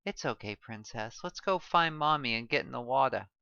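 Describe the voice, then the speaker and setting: A woman voicing an excitable young father turned into a small furry animal-man, playful and teasing. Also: very deep voice, a little fast, gravelly, smooth, no echo, highs cut off, full character voice. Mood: gentle.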